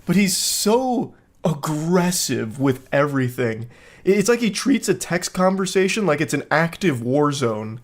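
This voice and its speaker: A man giving comedic reaction commentary with sarcastic, deadpan mockery. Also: fairly high pitch, moderate pace.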